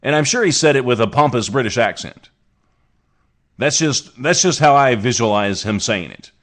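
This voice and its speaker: An American man hosts his own podcast, sarcastically riffing on strange news stories with rambling tangents and restarts. His mid-range voice has lively intonation, a normal speed, and a fairly bright tone.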